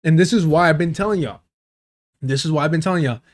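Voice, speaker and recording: A man's voice: a little high, fast. A man reacting to clips on a livestream, swearing a lot and mocking the people he covers. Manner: profane, mocking, mimics people in exaggerated voices. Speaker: livestream commentator.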